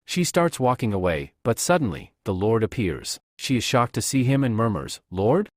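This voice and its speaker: Lively male story narrator. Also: on the low side, moderate pace, no echo, clean studio sound. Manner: steady storytelling. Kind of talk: scripted comic recap narration.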